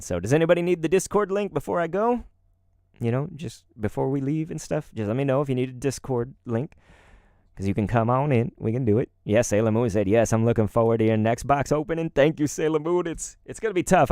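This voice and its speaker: A man's voice: mid-range voice, dark tone, dry recording, studio quality. Congested man rambling on stream. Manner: rambling, chatty, chuckling asides. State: congested and sore-throated from a cold. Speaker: streamer and voice actor. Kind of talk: casual live-stream chat.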